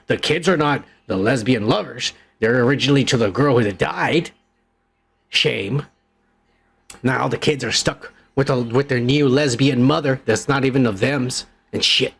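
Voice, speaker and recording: A man's voice: medium pitch, gravelly, slightly rough. A man from Texas hosting a podcast, ranting in crude, mocking, profanity-laced commentary. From Texas, USA. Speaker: podcast host.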